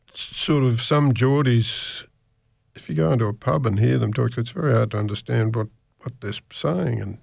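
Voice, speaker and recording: Male radio presenter, slow and rambling, gravelly and creaky, close dry studio sound, chatty between tracks. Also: medium pitch, a little mellow, no echo. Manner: slow, meandering, with many restarts. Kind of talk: casual rambling radio chat.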